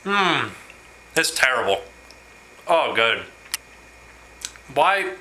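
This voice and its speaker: A man talking in a rambling, animated way in a casual home video blog, quick to laugh. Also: high voice, a little hiss or hum, low-quality recording. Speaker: vlogger. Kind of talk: casual vlog chat.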